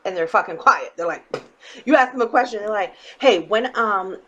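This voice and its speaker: Woman tarot reader, mid-pitched, talks bluntly with casual swearing and frequent check-ins. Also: animated, quick pace, sharp tone, dull audio, a little hiss or hum. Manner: blunt and emphatic, swears freely, checks in with "okay?". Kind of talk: casual tarot reading to viewers.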